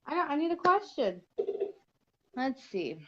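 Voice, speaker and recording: A woman's voice: sits high, sing-song, a little slow, sharp tone, highs cut off, slight background noise. A woman, a mother hosting a casual livestream from her home at night, chatting while she gets distracted and talks to her toddler. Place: home living room at night.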